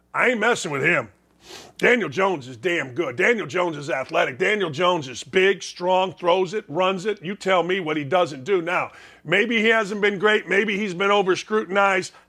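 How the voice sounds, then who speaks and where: Brash sports host, bright edge, high voice, stuffy. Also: male voice. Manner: brash, folksy, emphatic with repetition. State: congested, sneezing. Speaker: sports talk show host. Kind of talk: opinionated sports talk monologue.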